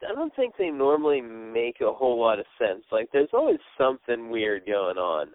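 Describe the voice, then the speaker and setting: A man's voice: medium pitch, normal speed, no echo. A man hosts a laid-back podcast chat, leaning on filler words as he gathers his thoughts. His voice comes through narrow and tinny, like a phone line. The sound is dry, with no room around it. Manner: relaxed, hesitant with many fillers. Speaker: podcast host.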